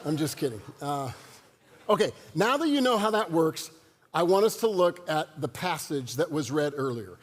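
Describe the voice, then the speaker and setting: A man's voice: on the high side, sing-song, moderate pace. A man preaching a sermon as pastor, in a conversational style and joking with the congregation. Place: church sanctuary. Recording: long church hall reverb.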